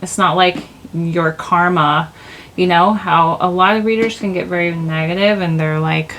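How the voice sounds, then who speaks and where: A woman's voice: lowish voice, normal speed, fairly bright tone. A woman giving a casual tarot reading at home into a microphone, rambling and chatty, laughing at herself. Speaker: tarot reader. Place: home, indoors. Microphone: desk microphone.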